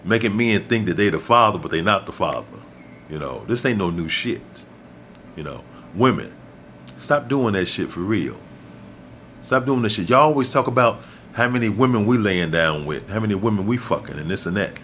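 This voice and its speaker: A man's voice: lowish voice, animated, moderate pace, fairly bright tone, a little hiss or hum. A middle-aged man hosting his own vlog, delivering a blunt, profane, preachy rant that keeps repeating points for emphasis. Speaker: vlog host. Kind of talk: ranting monologue to camera.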